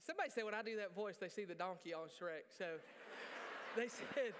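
A male pastor preaching a sermon in a church, joking and animated, poking fun at himself. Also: extremely high pitch, fast talker, background noise. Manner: joking, animated, self-deprecating. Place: church sanctuary. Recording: reverberant church hall.

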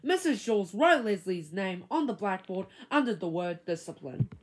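A woman reading a children's book aloud, chapter by chapter, with expressive, dramatic storytelling. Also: mid-range voice, moderate pace, a little hiss or hum. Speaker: reader.

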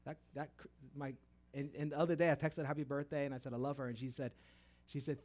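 An animated preacher, telling his testimony with lively storytelling. He acts out the voices in the dialogue he retells, with a voice of middling pitch. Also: quick pace. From Texas. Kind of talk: testimony sermon.

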